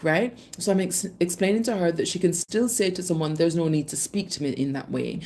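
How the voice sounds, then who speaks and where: A woman in her thirties with a lowish, mellow voice chats casually on a live stream. She tells a story at length, greeting viewers and calling them babe and darling. Her tone stays warm and relaxed.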